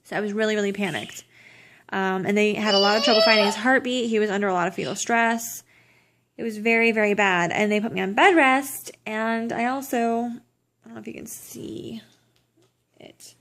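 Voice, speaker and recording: A woman's voice: fairly high pitch, a bit bright. A young woman giving a casual pregnancy update to her camera, rambling with restarts and self-corrections, sounding tired. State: tearful at times, exhausted. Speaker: vlogger.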